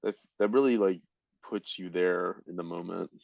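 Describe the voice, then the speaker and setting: Low-voiced man, dull dry recording. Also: creaky, no room sound. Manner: easygoing, halting reactions. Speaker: podcast co-host. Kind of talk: casual chat.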